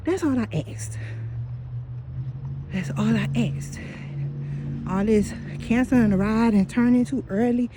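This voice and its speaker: A woman telling a story in casual, profane, animated talk while walking outdoors at night, speaking into a phone. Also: fairly high pitch, unhurried, long pauses, noisy background. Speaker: vlogger. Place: outdoors on a dark street at night.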